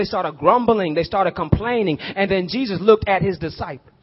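A man preaching a sermon, swinging from hushed prayer to shouted emphasis, using y'all and rhetorical questions to his listeners. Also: high-pitched, brisk, hardly any pauses, lo-fi sound. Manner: uses y'all and call-and-response questions.

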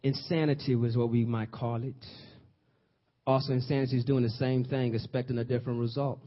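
A man's voice: mid-range voice, flat delivery, fairly quick. A man preaching a sermon, building to fervent emphasis and repeating his phrases. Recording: dull lo-fi sound.

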